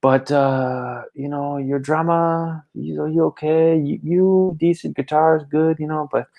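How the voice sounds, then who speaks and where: A man's voice: a little high, steady tone, measured pace, gravelly, highs cut off, voice pushed up. A man putting on the voice of a drunk male fan bluntly critiquing his band.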